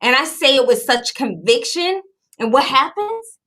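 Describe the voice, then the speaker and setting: A woman host chatting casually on a video call, bubbly and animated, laughing often as she tells stories. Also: high-pitched, normal speed. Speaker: podcast host.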